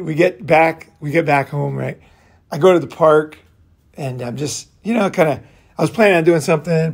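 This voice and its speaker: A man's voice: fairly high pitch, vocal fry, a little mellow. A middle-aged man telling stories in a rambling casual monologue, full of fillers and swearing. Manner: rambling storytelling with frequent profanity and fillers. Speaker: podcast host.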